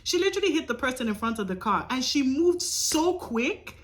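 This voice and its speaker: Animated young woman telling a story. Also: high-pitched, normal speed. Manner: animated, profane, emphatic retelling. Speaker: storyteller vlogger. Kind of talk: casual storytime.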